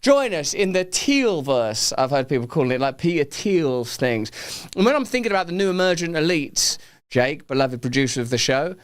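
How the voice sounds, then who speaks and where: A man's voice: on the high side, sing-song, normal speed, clear, resonant tone. A middle-aged English man hosting a live talk show, riffing playfully and rambling with his studio crew. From England. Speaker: host. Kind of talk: casual live show chat.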